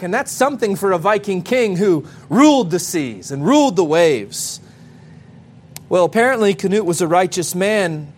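High-voiced male pastor preaching. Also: a little hiss or hum. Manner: preaching to a congregation, addressing children directly, emphatic pauses. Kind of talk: sermon.

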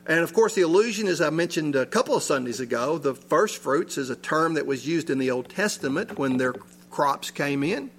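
A man's voice: fairly high pitch, expressive, fairly quick, a little hiss or hum. A man preaching a sermon in a church, reading scripture and asking his listeners rhetorical questions with rising emphasis. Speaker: pastor.

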